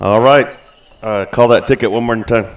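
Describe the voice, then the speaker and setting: A man's voice: mid-range voice, steady tone, moderate pace, clear, resonant tone. A man emceeing a powwow over the PA in an outdoor arena, joking between calls. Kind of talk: live arena announcing.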